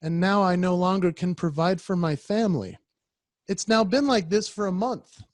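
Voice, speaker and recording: Brief: man, high voice, animated storytelling keynote speaker acting out voices, dry close sound on a video call. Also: normal speed, no echo. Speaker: professional speaker.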